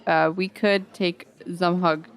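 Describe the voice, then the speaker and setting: A player at a tabletop game, talking casually and working through ideas with hesitant pauses. The voice sits at a middle pitch. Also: level tone.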